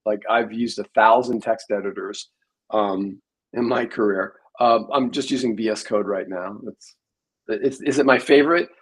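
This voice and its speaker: A man's voice: fairly low pitch, normal speed, breathy edge, low-quality recording. A man in his sixties, a programmer, telling rambling stories in a casual interview. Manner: rambling storyteller, many fillers.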